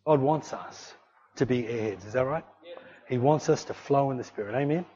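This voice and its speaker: During his sermon, a man recounts a story animatedly, taking on the voices of the people within it. He speaks at medium pitch and normal speed, on a dull, low-fidelity recording.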